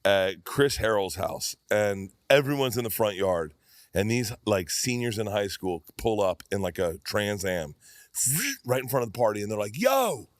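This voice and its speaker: A man's voice: on the low side, normal speed, no room sound, clean studio sound. A man telling crude, rambling stories in casual podcast chat, swearing freely. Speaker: podcast guest.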